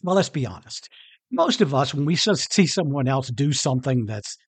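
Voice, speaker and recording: On his solo motivational podcast, a husky-voiced man speaks earnestly and conversationally, often chuckling. He is very animated, his pitch shifting a lot between phrases at a moderate pace, and the sound is dry and close with no room around it.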